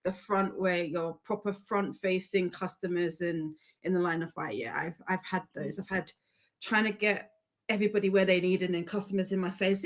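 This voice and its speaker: A woman co-hosting a reading stream, chatting casually in a relaxed, rambling way. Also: lowish voice, moderate pace. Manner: relaxed, rambling, self-correcting. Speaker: co-host of a reading sprint stream. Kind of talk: casual chat.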